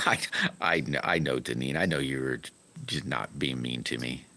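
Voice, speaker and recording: A man's voice: extremely low pitch, normal speed, sharp tone. A middle-aged man, telling rambling, folksy stories in a casual live stream chat.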